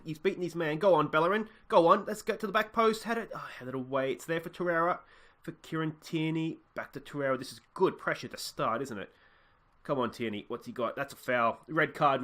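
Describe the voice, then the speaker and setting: Excitable football-game commentator, bright man. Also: mid-range voice. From Australia. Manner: chatty, excitable, cheers at goals. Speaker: let's play host. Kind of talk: casual gameplay commentary.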